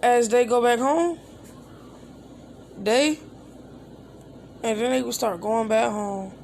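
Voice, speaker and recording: A woman with a slightly high voice narrates a made-up fan story as she thinks of it. She rambles, restarts sentences and reads every character's lines in her own voice. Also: slow pace, vocal fry, a little mellow, slight background noise. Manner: rambling, with restarts and quoted dialogue. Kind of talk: improvised retelling of a fan story.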